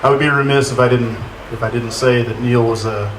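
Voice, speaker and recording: A man giving a halting, informal eulogy at an outdoor memorial, full of pauses and dry jokes. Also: medium pitch, steady tone. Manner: hesitant, many "uh" fillers, dry humor. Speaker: memorial speaker. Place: outdoor gazebo. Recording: echoey, distant, noisy.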